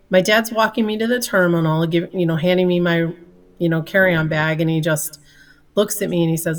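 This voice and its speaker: A woman's voice: fairly low pitch, steady tone, fairly quick, distant mic. A middle-aged woman telling a personal story as an interview guest, earnest and candid, laughing easily.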